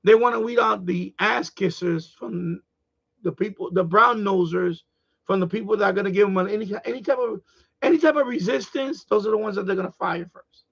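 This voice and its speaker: A middle-aged man hosting a live stream, ranting in a blunt, profane, animated way in casual chat. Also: sits high, a little fast, vocal fry, slightly rough, muffled recording.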